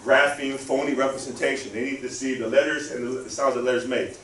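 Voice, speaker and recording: A man's voice: mid-range voice, steady tone, fast talker, fairly bright tone. Man leading a spelling drill in a room. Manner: leads the audience through call-and-response drills. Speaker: guest speaker. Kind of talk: interactive spelling lesson. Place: library lecture room. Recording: roomy, from a distance, faint room hum.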